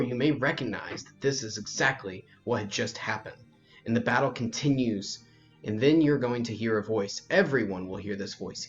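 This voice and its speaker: A man narrating a tabletop role-playing game as game master, in slow, descriptive second-person narration, on a lo-fi recording with faint music. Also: medium pitch.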